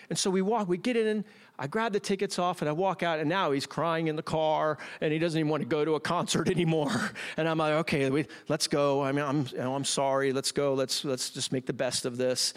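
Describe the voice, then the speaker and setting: Man, middle-aged, pastor, sermon, high-pitched, animated, self-mocking. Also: a little fast. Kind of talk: sermon with personal stories.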